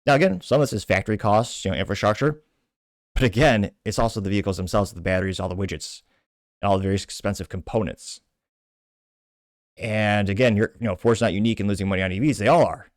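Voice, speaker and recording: A commentary show host rants about politics and business with indignant emphasis, talking fast. His slightly low voice sounds close and dry, without any room echo.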